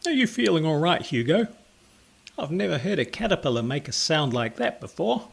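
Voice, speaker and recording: A man's voice: a little high, big pitch swings, moderate pace, creaky, breathy edge, voice pushed up, exaggerated voice. A man voicing a laid-back male spider who teases and laughs at a caterpillar. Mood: amused. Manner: amused, teasing.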